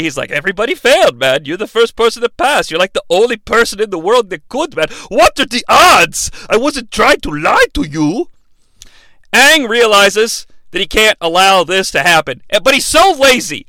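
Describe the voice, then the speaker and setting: A man's voice: high-pitched, sharp tone, no room sound. A man hosting a comedic bad-movie podcast, rambling and sarcastic with lots of swearing.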